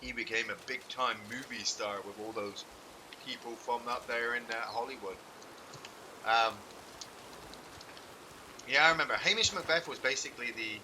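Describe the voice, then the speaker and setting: An English game streamer offers casual live commentary as he plays, chatting, joking and swearing in reaction to the action. His pitch is medium and his pace moderate, broken by long pauses. Game noise, hoofbeats and clicks sit in the background.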